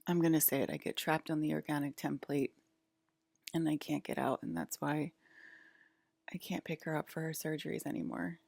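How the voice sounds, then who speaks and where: Low, gravelly, shaky woman vlogger. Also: a little mellow, no room sound. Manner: hesitant, halting, shaky and upset. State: shaky and nauseous. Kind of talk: casual talk to camera.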